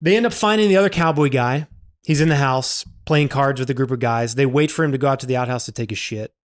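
A man co-hosting a casual podcast, retelling a film plot scene by scene. He talks at a middle pitch, swears freely and slips into the characters' lines as he goes. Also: fast talker. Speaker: podcast co-host. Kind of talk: casual chat recapping a film.

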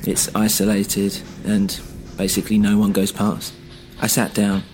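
A man narrating a dark first-person story in a measured, grave way, with dramatic pauses. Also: fairly low pitch, level tone, noisy background. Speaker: narrator and podcast host.

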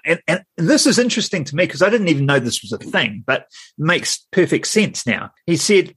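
A man's voice: fairly high pitch, animated, moderate pace, fairly bright tone, husky, no echo. A New man co-hosting a casual podcast, rambling and restarting his sentences, laughing as he goes. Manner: rambling, self-interrupting, laughs often. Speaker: podcast co-host. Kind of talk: casual chat.

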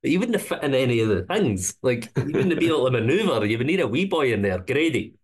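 A man's voice: mid-range voice, very animated, a little fast, husky. A Scottish man, a guest on a football podcast, chatting in easygoing banter. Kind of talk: casual football podcast chat.

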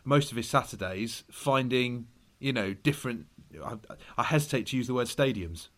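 A man's voice: medium pitch, moderate pace, fairly bright tone. A man co-hosting a casual football podcast, talking in a rambling, hesitant way with many restarts. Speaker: podcast co-host.

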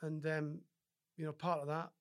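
Man telling lively stories, slightly high voice. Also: normal speed. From Scotland. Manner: animated storyteller who acts out other people's lines; frequent restarts and filler words. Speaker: podcast guest, former rugby player. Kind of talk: casual interview storytelling.

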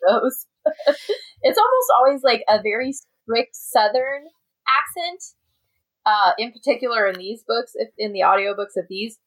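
A woman's voice: on the high side, expressive, a little slow, low-quality recording. A woman co-hosting a podcast, chatting casually about a novel and laughing often. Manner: chatty, laughs often, reads passages aloud. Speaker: podcast co-host. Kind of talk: casual book discussion.

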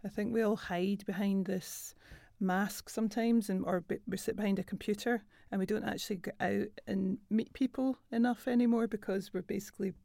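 Measured woman, dry close sound. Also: mid-range voice, fairly even intonation, creaky, dark tone, dry recording. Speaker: guest. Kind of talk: casual chat.

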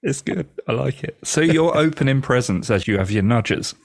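A man's voice: mid-range voice, animated, moderate pace, gravelly, no room sound, studio quality. A man co-hosting a podcast in casual chat, teasing and laughing often. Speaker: podcast co-host.

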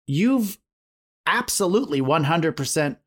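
Slightly high-voiced joking male host. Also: animated, a little slow. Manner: jokey, laughs often, warm introductions. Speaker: podcast host. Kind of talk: casual interview chat.

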